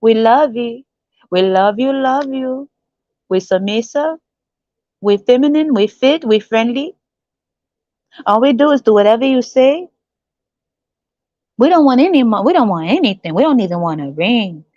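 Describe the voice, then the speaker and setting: A woman voicing sugary, submissive foreign women wooing men, in a slow sing-song. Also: a little high, lively intonation, dark tone, no echo, pitched above the performer's own voice. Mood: syrupy, fawning. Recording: dry, slightly dull recording.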